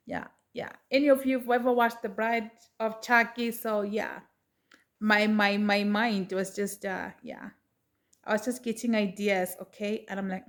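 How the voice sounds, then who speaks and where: A middle-aged woman telling a personal story to her viewers in a chatty, animated way. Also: a little high, a little slow. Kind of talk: casual storytelling to camera.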